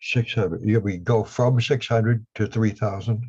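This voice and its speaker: A Down East Maine man, guest and lapidary equipment maker, speaks a little slowly in a video call interview, rambling and blunt with dry humor. His voice is on the low side, darkish and slightly rough, with fairly even intonation. The recording is dull lo-fi video call audio.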